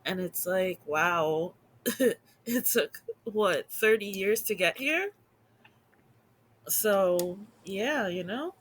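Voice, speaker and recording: A woman in her thirties talks slowly and easily, upbeat and loose with her fillers. She co-hosts a casual chat, and a faint background noise sits under the voice. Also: medium pitch. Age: 30s. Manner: relaxed, upbeat, many fillers and laughs. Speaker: podcast co-host.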